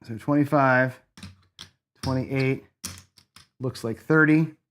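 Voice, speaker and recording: A man's voice: medium pitch, steady tone, takes it slowly, fairly bright tone, slight background noise. A man hosting a casino craps video, thinking aloud through bet math, correcting himself and chatting to viewers. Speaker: host playing casino craps. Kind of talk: casual gambling commentary.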